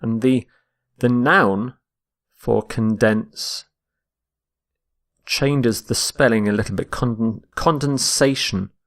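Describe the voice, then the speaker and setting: A man teaches English vocabulary at a slow, unhurried pace. He speaks deliberately and repeats each word to model its stress, in a voice of ordinary middle pitch. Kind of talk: vocabulary lesson.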